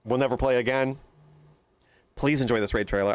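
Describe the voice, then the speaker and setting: A man streaming a game live, chatting casually with loud, excitable outbursts. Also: mid-range voice, fairly quick, smooth. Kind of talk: casual live-stream chat over gameplay.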